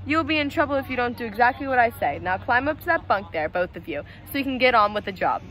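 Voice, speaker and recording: Storybook hijacker, male, polite and mock-formal, bright tone, read by a young woman. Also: on the high side, animated, quick pace.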